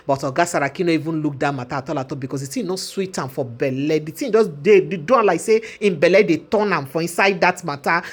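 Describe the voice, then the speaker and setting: Woman news commentator, Nigerian Pidgin accent, fast and lively, dramatic retelling. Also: sits low, breathy edge. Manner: dramatic, repetitive, quotes others in acted voices. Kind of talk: animated political commentary.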